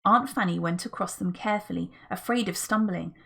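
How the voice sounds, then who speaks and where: A woman's voice: lowish voice, a little fast, creaky, a bit bright. A woman reading a children's adventure book aloud as a narrator, telling the story expressively. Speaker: audiobook reader.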